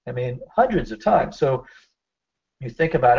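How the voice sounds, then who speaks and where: A man's voice: medium pitch, animated, normal speed, vocal fry, pauses often, darkish tone. Man coaching through a lo-fi webinar. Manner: coaching, repeats key phrases with emphasis. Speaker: therapist presenting a webinar. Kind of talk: webinar presentation. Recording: dull lo-fi webinar audio.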